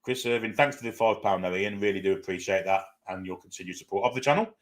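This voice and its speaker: A man on the low side of the pitch range talks fast while hosting a live football watchalong, chatting through viewer comments and greeting them individually. He's casual, with frequent "uh"s and self-corrections.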